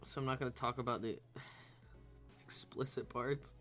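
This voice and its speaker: A man's voice: medium pitch, fairly even intonation, moderate pace, a bit bright, faint music behind. A man streaming a game, casually commenting on his moves and laughing often as he reacts to chat.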